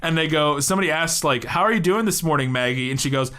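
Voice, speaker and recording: A man's voice: on the high side, fast, pushed and bright. A man co-hosting a comedy podcast, rambling through a movie with frequent laughter and casual swearing. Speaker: podcast co-host.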